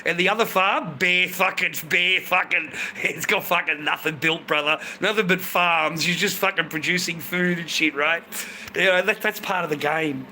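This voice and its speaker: A man's voice: fairly high pitch, steady tone, moderate pace, slight background noise. Profane rambling Australian man. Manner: profane, rambling, loud bursts. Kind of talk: casual chat to viewers.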